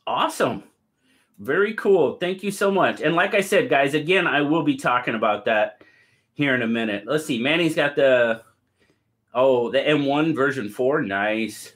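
A man hosting a live stream, cheerfully greeting and thanking viewers by name and reading their comments aloud in quick lists. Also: medium pitch, expressive, fairly bright tone. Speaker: livestream host.

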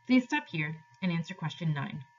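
Woman, teacher, reading a novel aloud, expressive, husky, dull lo-fi recording. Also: lowish voice, normal speed.

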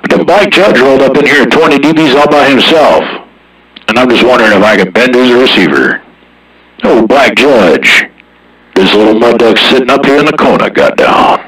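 A man's voice: medium pitch, normal speed, fairly bright tone, breathy edge. A man chatting casually over a CB radio in a drawling, slangy manner, recorded from some distance. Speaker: CB radio operator.

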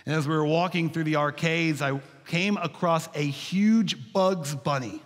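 A man's voice: a little high, unhurried. A male pastor preaching a sermon, telling stories in a folksy way and calling the congregation "y'all.". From Texas. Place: church sanctuary. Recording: reverberant church sanctuary.

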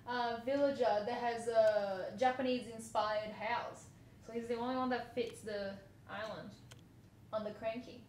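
Woman, relaxed unboxing chatter, bright lilt, slightly higher voice, roomy echo. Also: a little slow. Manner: chatty, giggly, squeals over cute cards. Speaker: vlogger. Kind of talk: casual unboxing commentary. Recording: echoey room, faint noise.

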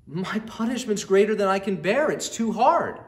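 A man's voice: mid-range voice, very animated, normal speed, lightly acted. Jealous, sulky young farmer voiced by a man in a storybook reading, strained and raised, echoing room. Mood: anguished. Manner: sulky and defiant, turning panicked and anguished. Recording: roomy echo.

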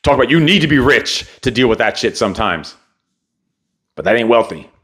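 A man's voice: medium pitch, sing-song, brisk, a bit bright. A man hosting a motivational podcast, talking in a blunt, heavily profane and emphatic rant. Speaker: podcast host.

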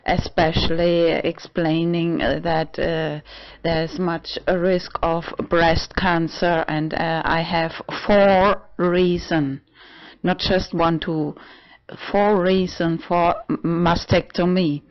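Slow, giggly trans man in his forties. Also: fairly high pitch, little pitch movement, clean tone, highs cut off. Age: 40s. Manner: giggly, halting, often breaking into laughter. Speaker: vlogger. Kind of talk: casual vlog monologue.

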